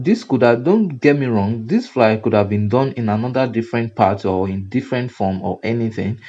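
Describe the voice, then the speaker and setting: A man with a Nigerian accent walks through a design lesson, circling back to his points and repeating himself as he explains. His voice sits low and mellow, and the recording sounds dull and lo-fi. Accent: Nigerian English. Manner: repetitive, explanatory, frequent "now" and "you see". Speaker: graphic design instructor. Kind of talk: screen-recorded tutorial lecture.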